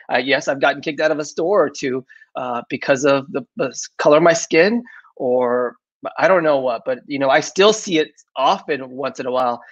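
A man hosting a live online show, chatting casually with lots of fillers, restarts and laughs. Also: medium pitch. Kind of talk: casual live-stream talk. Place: southern United States. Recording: dull lo-fi sound.

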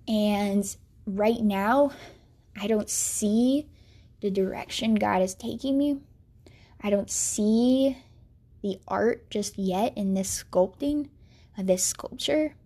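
A young woman earnestly telling a personal faith story, sorrowful and reflective, sometimes dropping to a soft whisper. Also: mid-range voice, takes it slowly. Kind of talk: personal testimony monologue.

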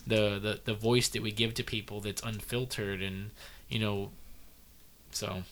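A man from Texas co-hosting a podcast, joking in casual chat and telling stories in halting bursts. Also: on the low side. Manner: joking, halting, animated storyteller. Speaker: podcast co-host.

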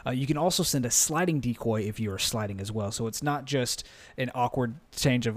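A man's voice: medium pitch, brisk. A man co-hosts a gaming podcast in a chatty, upbeat way. He laughs easily while he talks through console news and game tips. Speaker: podcast co-host. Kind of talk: casual gaming podcast chat.

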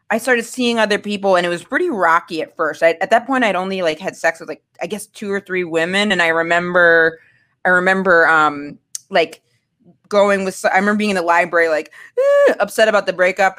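A young adult woman casually telling a candid personal story, acting out the voices of the people in it. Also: lowish voice. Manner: candid, animated, acts out quoted voices. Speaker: storyteller guest.

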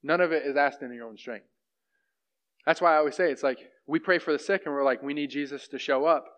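A man's voice: fairly high pitch, quick pace, a bit bright. A young man preaching in a casual, conversational way, often asking "right?" to the room. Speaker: pastor. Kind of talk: sermon. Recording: dull lo-fi sound.

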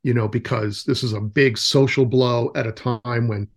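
Appearing as a guest in a relaxed interview, a nature camp director in his forties spins stories at a normal speed, his mid-range voice steady, his talk rambling and packed with fillers and restarts.

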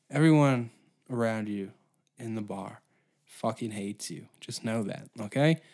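A man's voice: lowish voice, takes it slowly, pauses often, darkish tone. A man in his twenties hosting a solo comedy podcast, ranting profanely and sarcastically. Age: 20s. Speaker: podcast host.

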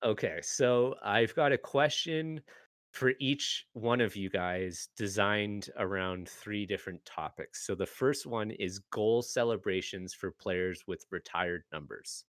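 A man's voice: on the low side, measured pace, a bit bright, no echo. A man hosting a podcast, chatting casually with guests on a call, swearing now and then and laughing easily. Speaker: podcast host.

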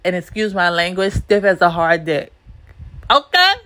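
A woman's voice: fairly low pitch, fairly even intonation, moderate pace, fairly bright tone. A woman hosting a solo podcast, talking bluntly and emphatically with plenty of swearing and repeated lines. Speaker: podcast host.

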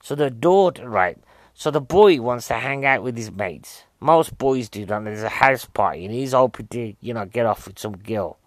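A man's voice: mid-range voice, lively intonation, moderate pace, no echo. Chatty man recapping a film. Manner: rambling, chatty, keeps asking "right?" and rhetorical questions. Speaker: film reviewer. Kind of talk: casual comic film recap.

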